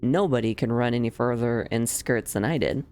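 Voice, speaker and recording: A sardonic young villainess from a visual novel, as a woman reads her lines. Her voice is very deep and dry, and her phrasing is wry and formal. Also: normal speed, a little mellow.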